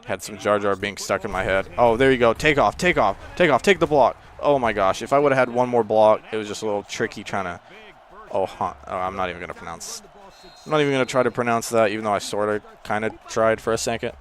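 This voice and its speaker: A man casually commenting on his own football video game play, rambling between plays and exclaiming loudly when something happens. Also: lowish voice, steady tone, fast talker. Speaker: gaming channel host.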